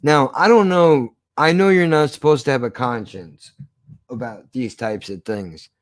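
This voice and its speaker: A man's voice: medium pitch, a little slow, no room sound. A man casually telling a story from his past, swearing often and acting out the argument. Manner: profane, animated retelling.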